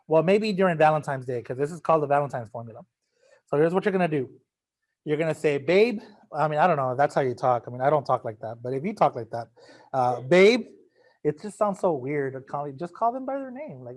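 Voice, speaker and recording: A man's voice: on the high side, a little mellow. A man teaching a math lesson, casual and joking, talking straight to his students. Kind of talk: recorded class lecture.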